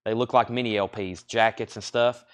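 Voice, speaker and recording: Brisk man hosting a live record sale. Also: fairly low pitch, steady tone, clear, resonant tone. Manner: brisk, listing prices and conditions.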